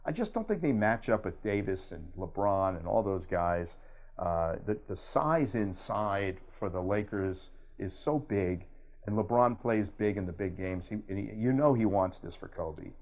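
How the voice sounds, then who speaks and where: Older man from Miami, low-pitched, animated anecdote-teller who slips into quick impressions. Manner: animated storyteller, does impressions. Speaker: guest, sports broadcaster. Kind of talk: casual storytelling interview.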